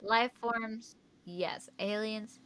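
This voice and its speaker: Young woman, podcast co-host, casual chat, blunt, brisk, bright voice. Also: fairly high pitch, steady tone, clean tone, poor audio. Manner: quick, blunt answers, moves things along.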